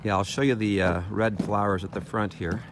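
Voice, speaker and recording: A man giving a casual walking tour by a lake in a playful, chatty way, pausing often with "uh". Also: fairly low pitch, fairly even intonation. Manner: playful, chatty, with frequent "uh" pauses. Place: outdoors by a lake. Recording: outdoor background noise.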